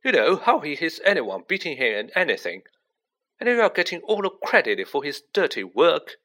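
A man's voice: a little high, sing-song, moderate pace, sharp tone, pitched above the performer's own voice, full character voice. A man reading aloud and voicing a blunt, knowing teenage wizard boy in a storybook.

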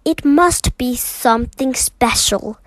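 A woman's voice: high-pitched, slow, no room sound, low-quality recording. A woman reading a stern middle-aged father.

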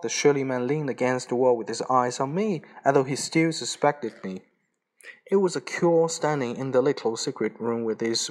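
A man narrating a story in a plain reading voice, with the occasional slip and restart. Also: mid-range voice. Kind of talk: audiobook reading.

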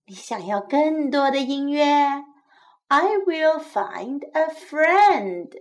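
A woman's voice: high-pitched, sing-song, slow, heavily acted. A woman doing a chirpy, puzzled storybook cricket. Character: cheerful, hard-of-hearing little cricket.

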